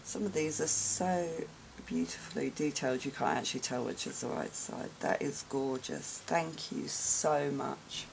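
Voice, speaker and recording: A low-voiced woman with a gravelly edge speaks slowly and softly in a casual vlog, gasping and gushing as she opens gifts. Paper crinkles, and noticeable noise sits behind her voice. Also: poor audio. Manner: soft, slow and gushing, many gasps and sighs. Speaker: craft vlogger opening gifts.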